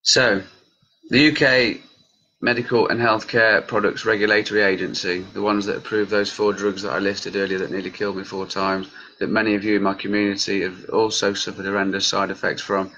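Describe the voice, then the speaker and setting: A man in his late thirties speaks with a lowish but bright, forceful voice, heated and passionate as he addresses his viewers directly. The sound is dull and lo-fi, like a home recording. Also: level tone, fairly quick, a little hiss or hum. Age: late 30s. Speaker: cannabis campaigner and group leader. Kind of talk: vlog commentary reacting to news.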